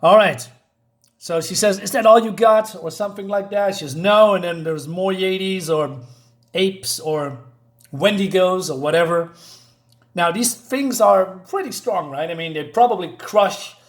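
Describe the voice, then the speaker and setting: A man's voice: high-pitched, a little slow. A man casually reviewing a comic book, sarcastic and dismissive, rambling with plenty of fillers.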